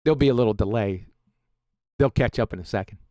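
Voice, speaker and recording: A man's voice: lowish voice, quick pace, darkish tone, no room sound, clean studio sound. A man hosting a live stream, mocking and sarcastic, reading quotes and laughing often. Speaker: host.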